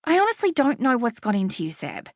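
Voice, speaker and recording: A woman's voice: fairly high pitch, huge pitch swings, quick pace, darkish tone, dry recording, clean studio sound, pitched above the performer's own voice. A woman voicing a firm, coaxing female cousin who scolds affectionately, in an audiobook reading. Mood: scolding.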